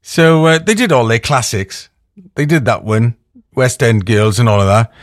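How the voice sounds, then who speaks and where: A man's voice: medium pitch, normal speed, dry recording, studio quality. A man hosting a radio show in casual, chatty talk. He tells stories and thinks aloud with plenty of fillers. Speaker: radio host.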